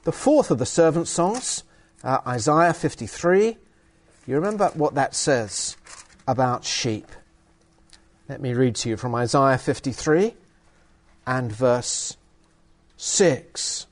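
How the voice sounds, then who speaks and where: A man's voice: medium pitch, lively intonation, slow pace, long pauses. A man preaching a sermon and reading from the Bible, emphatic with hesitant fillers.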